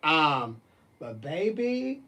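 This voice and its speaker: A man's voice: a little high, big pitch swings, drawn-out words, bright, forceful tone, a little hiss or hum. A man ranting in a casual monologue, sassy and emphatic, with plenty of swearing and terms of address like "baby" and "honey". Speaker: vlogger.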